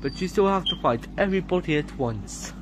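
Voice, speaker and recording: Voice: mid-range voice, lively intonation, a little fast, noisy background, lightly acted. A performer voicing a video game announcer who reads out warnings and results. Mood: announcing.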